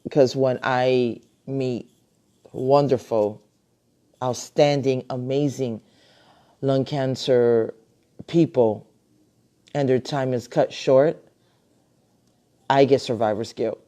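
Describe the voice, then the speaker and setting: A woman's voice: rumbling low, fairly even intonation, slow, long pauses. Chatty grandmother hosting a live stream. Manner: chatty and warm-hearted, many fillers and restarts. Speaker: host. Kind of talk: casual live-stream chat. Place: home, at a computer. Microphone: computer mic on a live video call.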